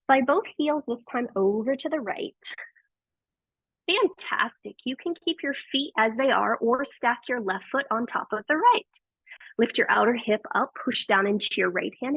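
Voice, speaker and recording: A woman's husky, gravelly voice leads a yoga class with gentle, encouraging cues and plenty of praise. The sound is tinny and narrow, like a phone line, with no room echo. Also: a little high, a little slow. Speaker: yoga teacher. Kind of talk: guiding a live yoga class.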